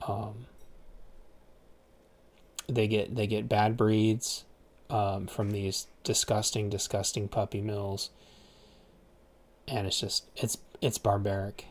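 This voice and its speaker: Rambling, foul-mouthed man ranting. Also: lowish voice. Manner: rambling, profane, repeats words. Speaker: streamer. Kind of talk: casual rant.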